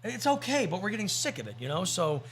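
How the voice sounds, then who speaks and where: A man's voice: sits high, sing-song, quick pace, a bit bright, slight background noise. A man co-hosting a podcast, telling rambling, joking stories in casual chat. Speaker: podcast co-host.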